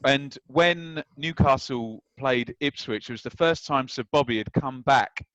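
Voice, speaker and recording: A man in his thirties from England, a guest telling anecdotes with lively retelling. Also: mid-range voice, unhurried, no room sound, lo-fi sound. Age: 30s. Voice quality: lively storyteller who acts out scenes. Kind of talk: anecdotal chat.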